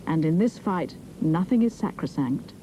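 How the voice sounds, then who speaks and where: Woman narrating with a dark, mellow voice. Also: low-pitched, expressive, normal speed, slight background noise, poor audio. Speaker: documentary narrator. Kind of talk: scripted narration.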